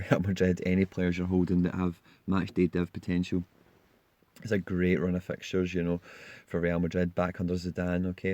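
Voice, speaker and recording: A man's voice: sits low, darkish tone, dry recording. A man hosting a casual fantasy football walkthrough, chatty and tagging his points with "you know" and "okay?". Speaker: channel host.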